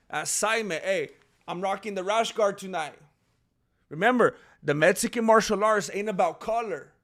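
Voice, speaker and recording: A man hosts a casual livestream, playfully joking around and reading chat names aloud. His voice sits high, sounding pushed and bright.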